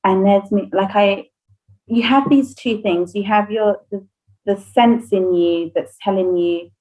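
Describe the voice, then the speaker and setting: A woman's voice: medium pitch, unhurried, darkish tone, rough recording. A woman, a nursery owner whose first language is Spanish, casually telling an emotional personal story on a podcast and laughing often.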